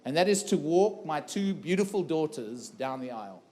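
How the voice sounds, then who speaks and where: A middle-aged man with a fairly high voice speaks from a conference stage. He tells a personal story in an earnest way, repeats key phrases and puts questions to the crowd. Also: very animated, moderate pace, darkish tone. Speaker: keynote speaker. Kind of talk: personal story told to a live audience. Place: conference room before a live audience.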